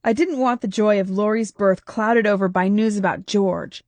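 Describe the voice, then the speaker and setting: A woman voicing a tired, worried husband who talks quietly and soothingly. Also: medium pitch, moderate pace, no room sound, lightly acted. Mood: bitter. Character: weary worried husband, gentle and protective.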